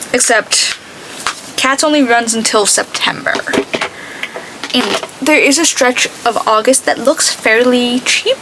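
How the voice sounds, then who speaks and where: A woman's voice: sits high, noisy background. Chatty young woman, rambling makeup vlog. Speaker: beauty vlogger. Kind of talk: casual chat while doing makeup.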